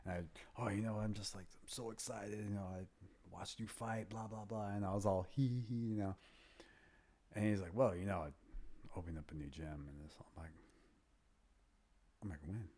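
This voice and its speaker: A man in his fifties, a mixed martial arts fighter and trainer, appears as an interview guest and tells rambling stories in a casual way. His fairly low, husky voice is a little mellow and steady, moving at normal speed with frequent pauses. When he quotes people, he often drops to a near-whisper.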